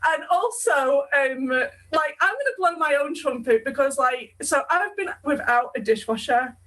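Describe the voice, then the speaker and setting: A woman's voice: high-pitched, lively intonation, unhurried, fairly bright tone, low-quality recording. A young woman from the UK hosting a sewing podcast, chatting casually with her mother and laughing often. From United Kingdom. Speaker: podcast host.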